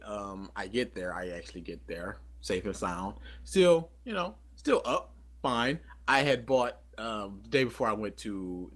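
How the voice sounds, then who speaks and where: A man co-hosting a podcast, chatting casually and telling a rambling story full of fillers and self-corrections. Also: fairly low pitch. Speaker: podcast co-host.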